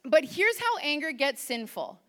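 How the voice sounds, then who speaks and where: A woman giving a sermon in church, chatty and lively, asking the congregation questions. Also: high-pitched, unhurried. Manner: lively, conversational, asks the audience questions. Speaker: preacher.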